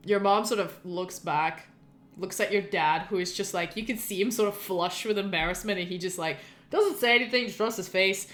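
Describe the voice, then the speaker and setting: A woman's voice: medium pitch, moderate pace, a bit bright, soft background music. A woman narrating a tabletop role-playing game as game master.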